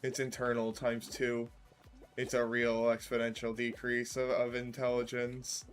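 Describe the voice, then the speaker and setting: A man's voice: medium pitch, completely flat delivery, a little slow, soft background music. A man chatting casually while playing a game, rambling with jokey asides. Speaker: streamer. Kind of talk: casual gameplay chat.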